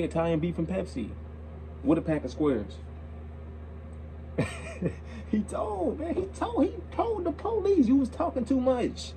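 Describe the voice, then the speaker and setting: A man's voice: mid-range voice, mellow, a little hiss or hum, low-quality recording. A young man hosting a reaction video, talking in a casual, slangy way and repeating himself as he gets worked up.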